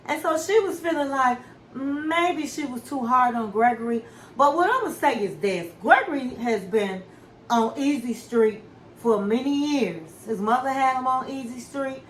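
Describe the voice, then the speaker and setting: A woman hosting a reality TV recap in casual chat, an animated storyteller who acts out quotes and calls her listeners honey. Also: high-pitched, normal speed, reverberant, a little hiss or hum, poor audio.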